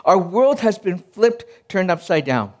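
A male pastor in his thirties with a fairly high voice, preaching an earnest sermon. He tells personal stories in a conversational way and often restarts his phrases as he searches for words. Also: big pitch swings, a little slow, darkish tone.

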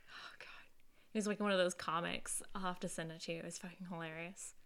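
A woman's voice: fairly low pitch, fairly even intonation, quick pace, a bit bright, smooth. A woman co-hosting a casual chat about a show, laughing often and swearing freely. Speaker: podcast co-host.

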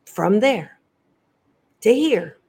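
A middle-aged woman in an interview, speaking candidly about her own life. She talks earnestly and leans hard on key words. Her voice sits at an ordinary middle pitch. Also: animated, extremely slow, mellow. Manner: earnest and emphatic, addresses listeners directly with lingering stress on key words. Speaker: psychologist guest. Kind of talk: podcast interview, candid storytelling.

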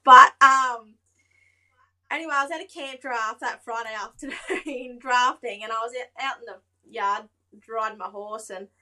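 A woman's voice: fairly high pitch, normal speed, bright, forceful tone. A young Australian woman chatting as a podcast guest, telling stories with lots of laughter and acted-out quotes. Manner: chatty, laughs often, acts out quoted voices. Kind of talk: casual storytelling.

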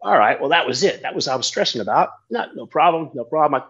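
A man's voice: a little high, animated, fast talker, fairly bright tone, slightly rough, lo-fi sound. A man, a tandem skydiving instructor telling a story in a casual, rambling chat and swearing freely.

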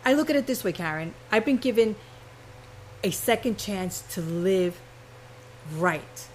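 A woman guest on a radio interview, talking earnestly without pausing while short of breath and a little hoarse, with coughs. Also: mid-range voice, lively intonation, a little mellow, slight background noise, low-quality recording.

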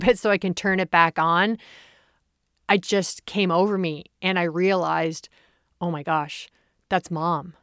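A young woman hosting her own podcast, telling a personal story in an excitable, emotional way, often laughing and repeating herself. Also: lowish voice, clear, resonant tone, no echo, clean studio sound. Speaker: podcast host.

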